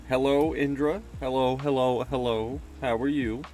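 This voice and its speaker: A man's voice: mid-range voice, fairly even intonation, moderate pace, dark tone. A male streamer chatting casually with viewers and greeting them, joking about himself. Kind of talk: casual livestream chat while reading a game aloud.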